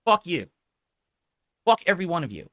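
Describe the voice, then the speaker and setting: A man's voice: on the high side, sing-song, moderate pace, bright, forceful tone, no echo. A man in his forties, a streamer, ranting bitterly at his viewers and swearing as he berates them. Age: 40s. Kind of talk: angry live-stream rant.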